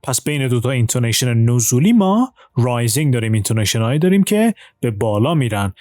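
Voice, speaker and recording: A man with Persian as his first language, teaching English and switching between slow textbook reading and quick explanations in Persian. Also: medium pitch, very animated, a little mellow, no room sound, studio quality, faint music behind. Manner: reads textbook lines slowly, then explains quickly in Persian. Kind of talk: bilingual language lesson.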